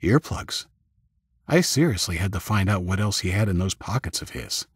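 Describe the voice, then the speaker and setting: Low, husky male audiobook narrator. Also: lively intonation, moderate pace, no echo, studio quality. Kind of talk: first-person audiobook narration.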